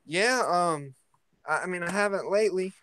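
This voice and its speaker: A high-voiced man at a moderate pace hosts a relaxed morning chat vlog, stepping out from home into his yard. He rambles and hesitates, with many fillers and restarts, and the recording is low quality.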